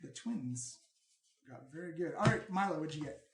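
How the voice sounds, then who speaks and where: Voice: mid-range voice, animated, normal speed. Game master narrating a dice game. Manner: narrates action and calls for dice checks. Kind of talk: running a tabletop game. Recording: roomy table recording with clear background noise.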